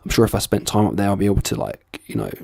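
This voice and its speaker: A man's voice: on the low side, big pitch swings, racing, creaky, a little mellow, husky, no room sound, studio quality. A young man from the south of England with a southern English accent, chatting casually and swearing freely. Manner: laid-back, sweary, rambling. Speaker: vlogger. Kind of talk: casual chat about accents.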